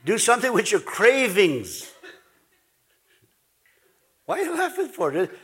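Male pastor, Ojibwe-influenced Canadian accent, high voice, folksy sermon, calls for responses. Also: wildly swooping pitch, slow pace, fairly bright tone, slightly rough. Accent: Ojibwe-influenced Canadian English.

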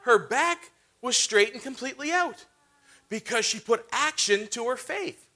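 A young man preaching a sermon, telling healing stories in a lively, animated way and acting out his own reactions. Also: very high-pitched, a little slow.

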